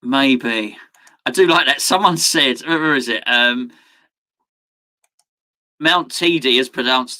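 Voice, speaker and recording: A man's voice: medium pitch, takes it slowly, pauses often, bright, forceful tone. A man hosting a football watchalong live stream, chatting casually with viewers, reading out their messages and laughing often. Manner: chatty, reads out chat, laughs often, sudden outbursts. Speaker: watchalong host.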